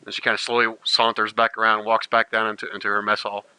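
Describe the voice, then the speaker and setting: A man's voice: on the low side, monotone, quick pace, pushed and bright, smooth, dry recording, rough recording. A man narrating as game master of a tabletop role-playing game, describing what the characters do. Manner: describes actions, voices many characters.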